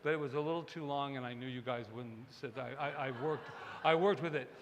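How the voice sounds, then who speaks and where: A man preaching a sermon as minister, animated and digressive, with joking asides to the congregation. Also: medium pitch, brisk, long reverb tail, slight background noise. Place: church service hall.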